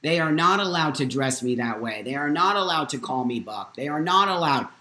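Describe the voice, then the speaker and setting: A man's voice: a little high, animated, a little fast. Emotional man in his fifties, echoey room. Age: 50s. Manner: emotional, emphatic, swings from loud to hushed. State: near tears at times. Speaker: host. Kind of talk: live-stream monologue.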